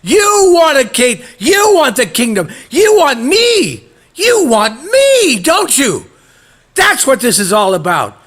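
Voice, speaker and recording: A man voicing an angry young princess who shouts accusations. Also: medium pitch, animated, a little slow, hardly any pauses, husky, voice pushed down. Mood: furious.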